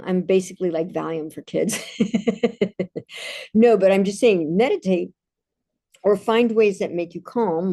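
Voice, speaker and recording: A woman telling personal anecdotes in a calm, casual monologue, with frequent restarts. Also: lowish voice, creaky. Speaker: meditation speaker.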